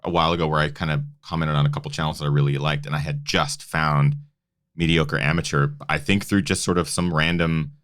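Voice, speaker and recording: Very deep-voiced animated male host. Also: brisk, no room sound, studio quality. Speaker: podcast host. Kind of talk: casual chat on a live show.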